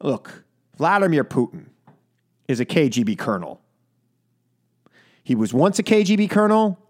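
A man's voice: a little high, very animated, normal speed. A man hosting a political talk radio show, delivering an indignant, emphatic monologue with lots of repetition. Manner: indignant, emphatic, repeats for effect.

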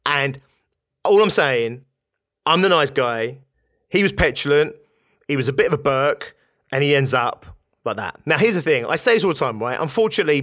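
A man hosting a podcast, telling an animated story off the cuff and tagging his sentences with a questioning "right?". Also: mid-range voice. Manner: animated, tags lines with "right?", swears casually. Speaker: podcast host. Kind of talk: casual storytelling monologue.

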